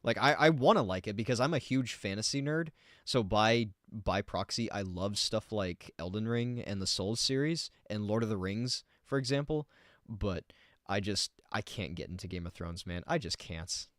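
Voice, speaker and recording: Low-voiced man in casual reaction commentary. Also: lively intonation, normal speed, fairly bright tone, no echo, clean studio sound. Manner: rambling, argues back at the video. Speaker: streamer reacting to a video.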